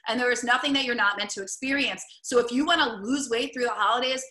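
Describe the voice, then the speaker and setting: A woman talks in a bright, clear voice, coaching her listeners in a chatty, upbeat way. She keeps dropping "like" and "right?" between her points. Her voice rings in an echoey room. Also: fairly high pitch, quick pace. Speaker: wellness coach. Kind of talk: casual teaching talk to camera.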